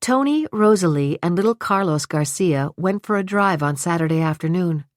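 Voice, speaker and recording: A woman with a lowish voice narrates a suspense audiobook, reading the scripted text in an even, measured storytelling style. The recording is studio quality with no echo.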